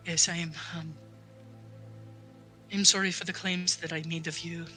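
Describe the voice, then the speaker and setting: A man voicing a grieving male undead paladin knight, speaking in halting, solemn apologies. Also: a little high, flat delivery, bright, forceful tone, faint music behind. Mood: remorseful.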